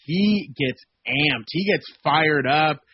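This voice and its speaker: A male sports reporter calling in as a guest on a radio show, talking in a rambling, animated way with many fillers. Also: fairly high pitch, slow, husky. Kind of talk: phone-in radio interview. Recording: dull, dry lo-fi guest line.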